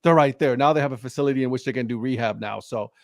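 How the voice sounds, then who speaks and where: A man's voice: medium pitch, racing, no room sound, studio quality. A man hosting a casual sports talk stream, rambling loosely with lots of fillers and "right?" tags. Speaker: show host. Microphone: live stream mic.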